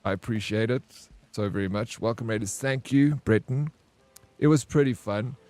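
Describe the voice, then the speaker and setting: A man hosts a gaming live-stream in casual, jokey chat with his viewers. He gets excitable and loud over tough fights and new arrivals, with a middling voice. Faint game music plays behind him. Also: medium pitch, moderate pace, no echo. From South Africa. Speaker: variety streamer.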